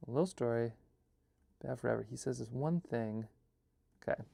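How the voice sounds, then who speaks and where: Host, male, casual and excitable, thinks out loud, dry close sound. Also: mid-range voice, brisk, vocal fry, no room sound. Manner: excitable, rambling, full of fillers and restarts. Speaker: host and filmmaker. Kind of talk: casual live brainstorming chat.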